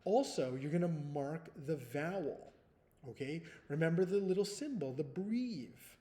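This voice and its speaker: A man in the role of a first-grade teacher, talking young children through a phonics test at an unhurried, deliberate pace. His voice is mellow and sits a little high, and he keeps checking in with "okay?" after each step. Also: expressive. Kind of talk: giving a recorded spelling test to young children.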